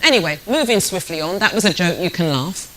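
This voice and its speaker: A woman's voice: fairly low pitch, expressive, a little fast, a bit bright, a little hiss or hum, poor audio. A British woman in her sixties, a networking speaker giving a motivational talk, telling stories, joking and speaking straight to the audience. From Britain. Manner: storytelling, jokey, addresses the audience directly.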